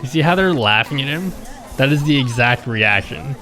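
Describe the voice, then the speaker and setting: A man's voice: mid-range voice, animated, normal speed, bright, forceful tone, soft background music, a faint crowd. A man from the Philippines chatting casually on his stream, rambling, chuckling and answering his chat.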